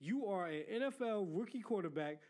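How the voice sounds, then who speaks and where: A man's voice: sits high, fairly quick. A man co-hosting a sports podcast, talking in an emphatic, heated casual way and repeating himself for effect. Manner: animated, emphatic, repeats "listen". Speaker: podcast co-host.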